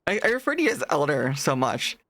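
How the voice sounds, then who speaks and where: A streamer with a deeper natural voice, chatting casually with live viewers late at night, animated, laughing often and answering chat messages as they come in. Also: quick pace. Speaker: VTuber streamer.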